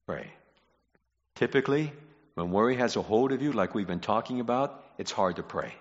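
A man preaching a sermon, moving from quiet, low-voiced reflection to loud, emphatic repetition of key lines. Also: expressive, moderate pace. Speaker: pastor. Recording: muffled sound in a reverberant hall.

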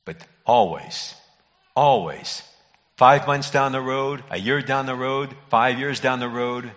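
A man, a pastor, preaching a sermon in an earnest, emphatic way with dramatic pauses. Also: medium pitch, fairly bright tone. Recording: muffled audio in a reverberant hall.

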